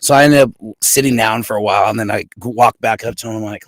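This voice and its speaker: A man's voice: on the low side, fast, few pauses, no echo, studio quality. A middle-aged man from Montana, a guest on a podcast, telling a story with lots of energy and acting out the quotes. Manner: energetic, animated storyteller who acts out quotes. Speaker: podcast guest, pro arm wrestler. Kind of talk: casual storytelling interview.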